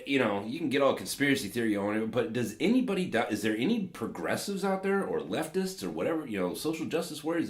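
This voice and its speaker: A man's voice: medium pitch, echoey room. A man hosting a podcast, giving casual political commentary in a rambling, sarcastic way with lots of fillers. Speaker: podcast host.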